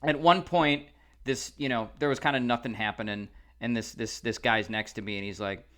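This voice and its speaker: Podcast guy rambling thru a story, lots of ums, bright sharp voice. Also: mid-range voice, steady tone, moderate pace. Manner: rambling, many fillers and restarts. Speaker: podcast co-host. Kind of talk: casual storytelling chat.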